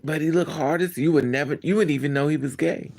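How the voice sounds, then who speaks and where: Blunt, creaky-voiced man chatting live. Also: a little high, quick pace. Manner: blunt, candid and animated, laughing and trailing off. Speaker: live-stream host answering chat. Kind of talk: casual live-stream chat.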